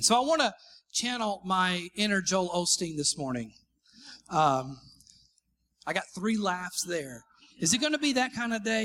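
High, bright-voiced male preacher. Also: gravelly. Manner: joking, calls for responses from the congregation; self-deprecating humor. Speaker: pastor. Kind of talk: live sermon. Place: church sanctuary before a congregation.

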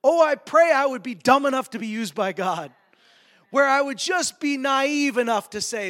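Male pastor, high voice, lively sermon delivery with comic asides. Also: normal speed. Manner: animated, acts out voices for humor.

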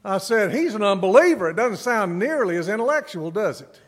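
High-voiced man preaching in a reverberant hall. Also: sing-song. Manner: storytelling preacher, dramatic pauses and emphatic repetition. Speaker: pastor. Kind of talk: sermon. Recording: long reverb of a large church hall.

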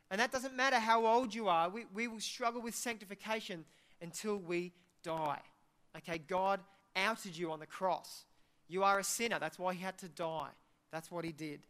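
A man preaching as pastor, his voice pitched high and ringing with a crisp brightness. He keeps the sermon conversational and joking, now and then mimicking the anxious voices in his listeners' heads. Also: normal speed.

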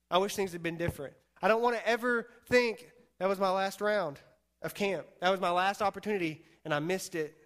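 High-voiced youth pastor, chatty sermon. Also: male voice, a bit bright. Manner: chatty storytelling, many fillers, acts out quotes.

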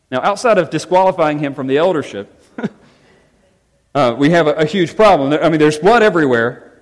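A man preaching a sermon as pastor, with animated emphasis that rises and falls as he drives his points home. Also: a little high. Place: church sanctuary. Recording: long reverb of a church hall.

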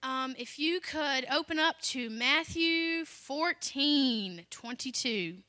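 Bright high-voiced woman preaching. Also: slow, no room sound. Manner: animated, acts out quotes with sudden loud rises. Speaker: children's pastor. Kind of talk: prayer and sermon with scripture reading.

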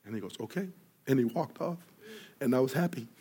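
Man, pastor, sermon, storytelling, acts out voices, loud then hushed. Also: mid-range voice, a little fast. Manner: animated storyteller, acts out dialogue, grows loud in excitement; drops soft and quiet for earnest moments.

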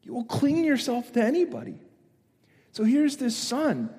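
A man preaching a sermon, telling stories animatedly and building to loud, emphatic points. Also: very high-pitched, wildly swooping pitch, unhurried, in a large hall. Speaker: pastor.

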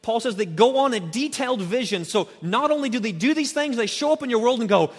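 High-voiced man preaching with animation. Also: a little fast, few pauses, slightly rough. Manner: animated, dips low and quiet for emphasis. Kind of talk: expository sermon. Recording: long reverb from a large hall.

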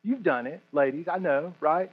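A high-voiced man preaches in a loose, joking way, stumbling over and repeating his words as he walks through a Bible passage. The recording is dull and lo-fi, with the top end muffled. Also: normal speed. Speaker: pastor. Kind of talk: sermon.

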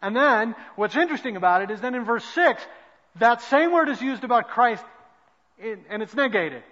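Preacher, male, bright edge to the tone, long echo of a large hall, earnest delivery. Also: extremely high pitch, lively intonation, normal speed. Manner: earnest preaching, swinging between loud emphasis and quiet asides. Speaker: pastor. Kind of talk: sermon. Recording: dull lo-fi sound with long hall reverb.

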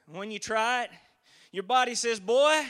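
High, bright-voiced man in his forties preaching. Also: measured pace, clear, resonant tone. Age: 40s. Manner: folksy storytelling that builds to fervent emphasis. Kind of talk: sermon.

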